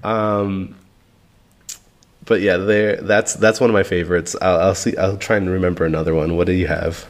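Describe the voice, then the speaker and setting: A man's voice: deep voice, flat delivery, moderate pace. A man co-hosting a casual book discussion, talking in a thoughtful way and searching for his words as he goes. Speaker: podcast co-host.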